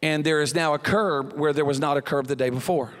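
A man preaching a sermon as pastor, telling a funny story in an animated way and acting out the other people in it. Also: a little high, fairly quick. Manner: animated storyteller, acts out voices, exclaims. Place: church hall. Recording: long church hall reverb.

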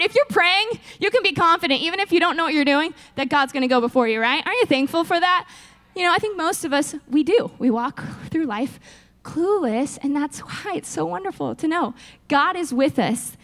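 A young woman preaching an animated sermon to a women's gathering, acting out prayers and quotes as she goes. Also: sits high. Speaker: women's ministry speaker.

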